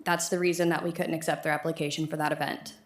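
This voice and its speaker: A woman on city staff giving a brisk, matter-of-fact explanation of procedure to a council. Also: low voice, flat delivery. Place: council chambers.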